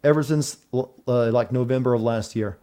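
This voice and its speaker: A man's voice: mid-range voice, normal speed, warm tone, slight background noise. A man streaming a video game, chatting casually with viewers about connection problems and his play.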